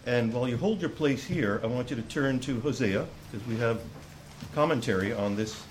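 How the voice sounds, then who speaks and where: A man's voice: medium pitch, moderate pace, a little hiss or hum, low-quality recording. A man preaching a sermon to a congregation, reading scripture aloud and explaining it with earnest restarts. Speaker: pastor.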